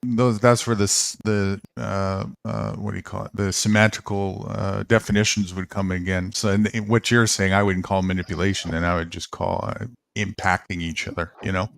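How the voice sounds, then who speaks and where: A man with a low, gravelly voice explains ideas in a measured, unhurried way. The recording is dry and close. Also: flat delivery, dry recording. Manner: measured, explanatory, many uh fillers. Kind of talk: casual conversation.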